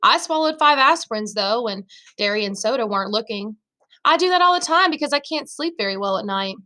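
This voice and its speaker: Woman teacher reading a novel aloud, bright, somewhat high voice. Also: lively intonation, a little fast. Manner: first-person narration with dialogue voiced in her own voice.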